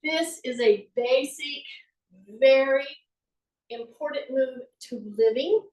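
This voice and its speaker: A woman with a high voice talks through a workout, chatty and encouraging as she demonstrates each move. She sounds a little away from the mic in an echoey room. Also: slow pace, darkish tone, distant mic. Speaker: fitness instructor. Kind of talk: live exercise class instruction.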